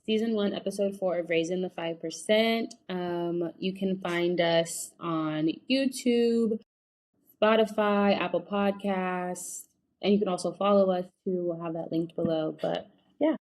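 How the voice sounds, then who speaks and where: A woman's voice: lowish voice, fairly even intonation, unhurried, darkish tone. A woman hosting a podcast, talking in an upbeat, chatty way with casual slang. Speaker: podcast host.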